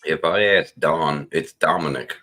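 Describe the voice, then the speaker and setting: Aussie guy with a super deep voice, blunt crude jokes on a stream. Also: fairly even intonation, measured pace, bright, forceful tone. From Australia. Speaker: stream guest. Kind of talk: casual chat.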